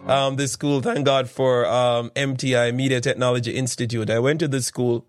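A man's voice: medium pitch, level tone, moderate pace. A Jamaican man, a minister and radio presenter, telling chatty, self-deprecating stories to a congregation in a sermon-style talk.

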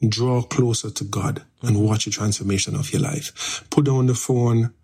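A man's voice: mid-range voice, moderate pace, slightly rough. A man, a pastor and radio guest, earnestly urging listeners to draw closer to God. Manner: earnest, steady preaching.

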